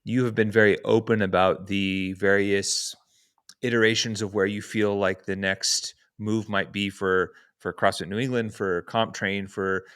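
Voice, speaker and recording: Man, podcast host, deep-ish voice, dry close sound, thoughtful questions. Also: flat delivery, unhurried, a bit bright, smooth, no room sound. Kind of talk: interview questions.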